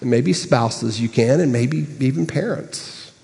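Pastor preaching in a big echoing hall. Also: male voice, measured pace, gravelly. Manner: storytelling, swinging from high bursts to hushed asides. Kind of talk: sermon.

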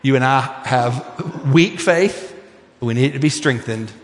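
A male pastor preaching a sermon with passion, swinging from near-shouts to hushed, earnest appeals. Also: mid-range voice, measured pace. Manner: impassioned preaching, rising to shouts and dropping to hushed prayer. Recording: echoey hall with long reverb.

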